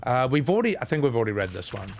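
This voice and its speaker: A man's voice: mid-range voice, very animated, very fast, slight background noise. A man streaming a game, chatting casually with viewers, joking, laughing and swearing. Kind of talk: casual live-stream chat.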